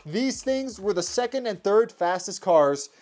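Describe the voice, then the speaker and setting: A young man hosting his channel, giving energetic play-by-play commentary on toy car races. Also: high voice, measured pace. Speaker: toy car race host. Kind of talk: race commentary vlog.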